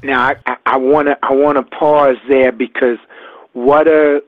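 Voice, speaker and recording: An older man, a guest, telling a personal story in a halting, reflective way. He often repeats his words. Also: medium pitch, steady tone, no echo. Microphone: phone line. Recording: tinny phone line.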